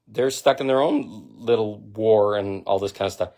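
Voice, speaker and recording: Addressing the camera directly at a normal pace, this man, a spiritual vlogger, gives a spiritual monologue that's blunt and full of profanity. His delivery swings from loud outbursts down to something low and intense.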